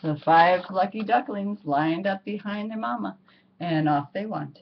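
A woman reading a children's picture book aloud, expressive and drawing out words for effect. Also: medium pitch, measured pace, gravelly, slight background noise. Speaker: storybook reader. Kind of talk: children's story read-aloud. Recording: muffled lo-fi recording.

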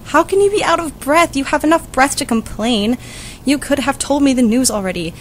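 Girl reading juliet, eager young lover, impatient, slightly high voice, bit of hiss. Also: animated, brisk, low-quality recording. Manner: impatient, pleading. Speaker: student reader. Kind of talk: school audiobook reading.

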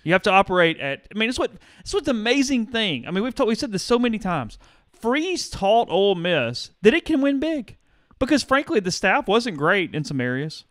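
A wisecracking man co-hosting a sports call-in show, his higher voice swinging widely up and down. The sound is close and dry, with no room around it. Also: a little fast, few pauses, no room sound. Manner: animated, wisecracking. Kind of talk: casual chat.

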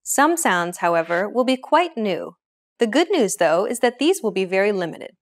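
Young woman, lesson host, explains steadily and clearly in a scripted read. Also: mid-range voice, very animated, moderate pace.

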